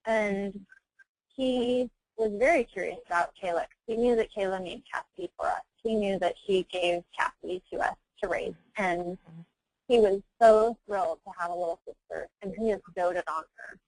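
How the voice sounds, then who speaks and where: A woman in her thirties tells stories from her family life in an open, animated way. She laughs easily and slips into the voices of the people she quotes. The sound is close and dry, with no room around her. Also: mid-range voice, normal speed, no room sound, low-quality recording. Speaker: adoptive mother, guest. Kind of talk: candid conversational storytelling. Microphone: webinar call mic.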